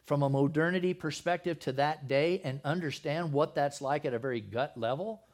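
A man's voice: a little high, moderate pace. A man preaching a sermon in a conversational way, with joking asides to the congregation. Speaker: pastor.

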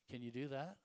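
A man's voice: mid-range voice, no echo. An older man, preaching a casual, folksy sermon full of rhetorical questions and stories. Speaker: pastor.

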